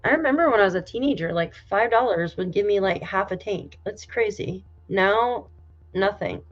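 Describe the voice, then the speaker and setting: Female livestream host from New York State, chatty and exclamatory, middle pitch, slightly dull audio. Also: normal speed. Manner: chatty and exclaiming, swears casually. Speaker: livestream host reading viewer comments. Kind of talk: casual live chat.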